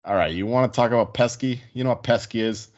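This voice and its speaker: A man's voice: medium pitch, quick pace, a little mellow, highs cut off. A man giving casual, profane hockey betting picks in a joking, rambling way. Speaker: sports betting panelist. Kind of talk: casual sports betting chat.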